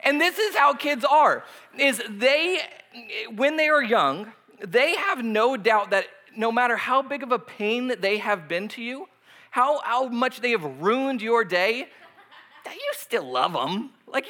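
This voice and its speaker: A man's voice: very high-pitched, very animated, unhurried, pushed and bright. A man in his thirties preaching a casual, humorous sermon, joking at his own expense and laughing often between points. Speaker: pastor.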